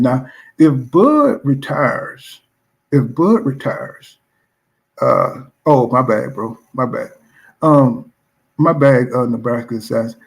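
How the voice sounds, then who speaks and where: Man, gravelly voice, mid pitch, casual boxing commentary, blunt, loose and repetitive, off-the-cuff channel talk. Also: expressive, unhurried. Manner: loose, repetitive, leans on "you know what I'm saying"; blunt and profane.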